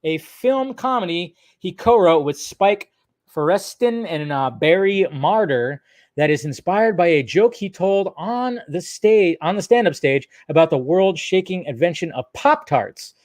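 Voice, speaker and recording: A casual man with a fairly high voice hosts a loose movie-news livestream. He rambles, swears freely and breaks into laughter, reading from articles and drifting into tangents. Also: lively intonation, unhurried, darkish tone. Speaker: movie news channel host.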